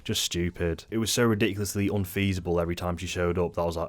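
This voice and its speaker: Man, very low voice, irritated, swearing, rambling film review vlog. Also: fairly even intonation, fast, few pauses. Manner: angry, profane, rambling. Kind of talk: unscripted rant-style review.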